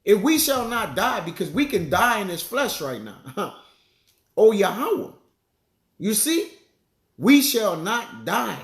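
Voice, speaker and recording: A man's voice: high-pitched, very animated. Casual man teaching scripture, echoey room. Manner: conversational, peppers lines with "man" and "all right"; reads verses slowly, searches aloud for passages. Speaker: bible teacher. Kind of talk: casual sermon with scripture reading.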